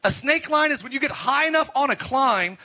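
High-voiced animated male pastor. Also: brisk. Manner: animated, joking storytelling with laughs. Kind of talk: sermon.

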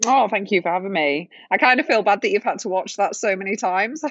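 A British woman, a former Olympic swimmer, chatting as a podcast guest and telling lively, self-deprecating stories. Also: medium pitch, brisk, slightly rough, no echo, dull audio. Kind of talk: anecdotal storytelling in interview.

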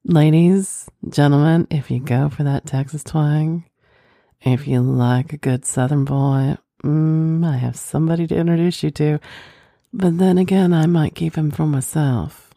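A woman hosting an intimate adult advice talk and reading listener letters, speaking in a slow, teasing, suggestive way with murmured hums. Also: low voice, steady tone, vocal fry, dark tone, dry recording, clean studio sound.

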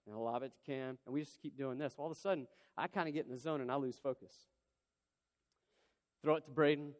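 A man preaching a sermon in a large church hall, telling a personal story in an animated, conversational way. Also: mid-range voice, fast talker. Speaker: pastor. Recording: long hall reverb.

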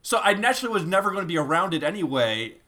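A young man with a bright, forward tone tells a long story on a casual podcast. He is animated and full of fillers, acting out his own quotes as he goes. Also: high voice, rapid-fire. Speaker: podcast co-host telling a story.

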